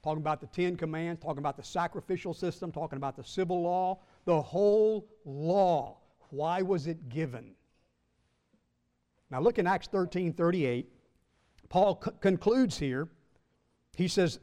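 Teaching his congregation from the Bible in church, a male Baptist pastor speaks with measured emphasis and slows and rises whenever he reads scripture. His voice is a little high with a dark tone, and it trails off in a long reverb.

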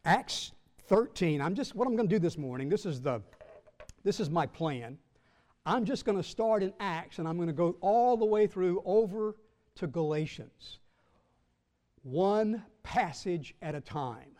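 A Baptist pastor teaching scripture to his church. His voice sits high for a man, and he takes his time. He leans hard on key words and stretches out the verses he reads. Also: lively intonation, darkish tone, big-room sound. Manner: measured, emphatic, slows and rises when reading scripture. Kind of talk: Bible teaching to a congregation.

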